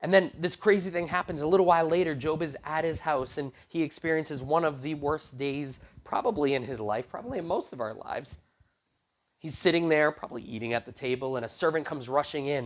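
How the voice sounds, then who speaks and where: With a slightly high voice and brisk pace, a youth pastor preaches to his youth group. He gives a casual retelling of a Bible story and gets animated acting out what the characters say, complete with slang.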